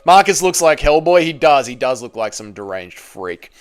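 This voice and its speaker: A man's voice: medium pitch, big pitch swings, normal speed, clean tone. A man with an Australian accent hosting a live stream, reading chat aloud, swearing freely and teasing his viewers.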